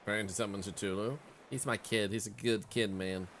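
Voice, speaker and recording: A man's voice: on the low side, steady tone, normal speed, fairly bright tone, a little hiss or hum. A man streaming a video game in casual commentary, chatting and reading the game's text aloud as he plays. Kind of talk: casual let's-play commentary.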